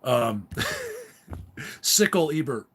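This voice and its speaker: A man's voice: mid-range voice, big pitch swings, very slow, fairly bright tone, a little hiss or hum. A middle-aged man hosting a casual livestream chat, rambling and laughing often as he reads viewer comments. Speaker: livestream host.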